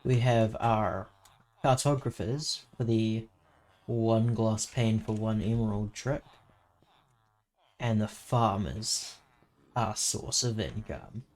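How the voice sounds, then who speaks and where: Slow, playful man narrating a gaming vlog. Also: lowish voice, darkish tone, rough recording. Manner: playful, jokey salesman patter. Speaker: Minecraft server video creator.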